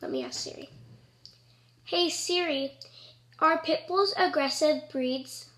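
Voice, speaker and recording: High bright-voiced young woman vlogger. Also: slow, a little hiss or hum. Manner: rambling, earnest, fillers of "like". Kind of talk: casual chat to camera.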